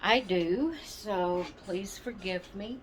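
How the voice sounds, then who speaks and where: Chatting loosely with viewers of her doll channel, this vlog host wanders off on asides and says um a lot. She speaks slowly at a medium pitch, with a faint hiss or hum underneath.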